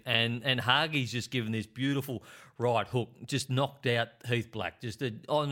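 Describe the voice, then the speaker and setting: A man's voice: medium pitch, fairly bright tone. A middle-aged Australian man, a former footballer, telling stories and teasing in casual podcast chat. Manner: jokey, teasing banter. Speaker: podcast co-host, former Australian rules player.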